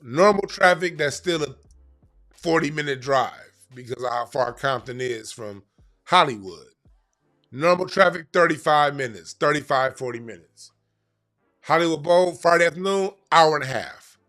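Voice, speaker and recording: A man telling a story in a casual, profane, animated way about crisis work. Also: on the high side, moderate pace, soft background music.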